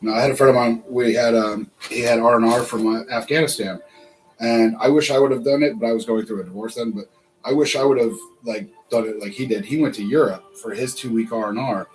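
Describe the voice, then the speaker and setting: American man, host, rambling casual chat, mid-pitched voice. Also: fairly even intonation, fairly quick, a little mellow, faint music behind, poor audio. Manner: rambling, chatty, laughs often.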